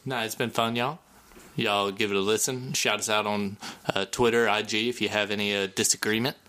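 A man co-hosting a sports podcast, brash and quick to joke, with casual cursing. His voice has a bright, forceful edge. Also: on the low side, fairly even intonation. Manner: brash, joking, profane. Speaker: podcast co-host.

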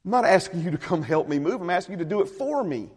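High-voiced preacher in a ringing hall. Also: male voice, sing-song, fast, husky. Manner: emphatic preaching, repeats phrases, drops to a hush. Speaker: pastor. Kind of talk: sermon.

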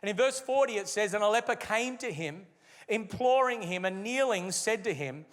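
A man preaching a sermon as a pastor, with emphatic delivery that slows and stresses key phrases. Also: high-pitched, animated, long reverb tail.

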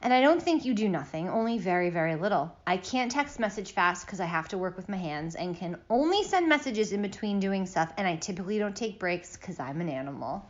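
A woman in her thirties co-hosting a podcast, teasing and quick to laugh in casual chat. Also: mid-range voice, expressive. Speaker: podcast co-host. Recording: dull roomy home recording.

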